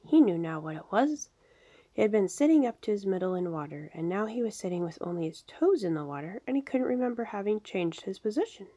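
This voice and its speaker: Husky-voiced woman reading a storybook. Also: medium pitch, animated, brisk, dark tone. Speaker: reader. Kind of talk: storybook narration.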